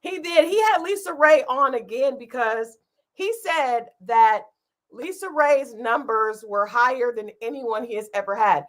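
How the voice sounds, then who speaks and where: A woman's voice: a little high, a bit bright. A woman co-hosting a live-streamed chat show, talking casually, laughing often and trailing off mid-thought. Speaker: podcast co-host.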